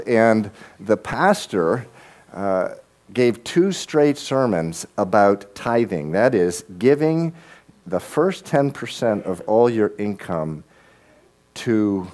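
A middle-aged man preaching a sermon as pastor, earnest and halting, often repeating words as he starts a sentence. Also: medium pitch.

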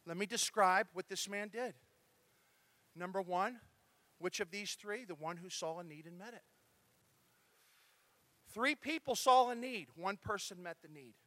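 A man preaching a sermon as pastor, talking to his congregation in a lively, conversational way. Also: sits high, a little slow, pauses often, no room sound.

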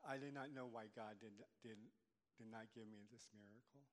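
An older man giving a personal church testimony, speaking haltingly with many restarts. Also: mid-range voice, fairly even intonation, a bit bright. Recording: long hall reverb.

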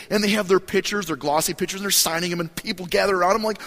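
A man preaching a sermon as a story, animated and acting out voices and cheers in a large church hall. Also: sits high, fast. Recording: hall reverb, live sermon.

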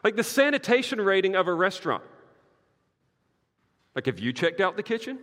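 A man preaching a sermon, emphatic and conversational, with casual asides and many "like"s, swinging from quiet to loud. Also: high-pitched, big pitch swings, moderate pace, big-room sound.

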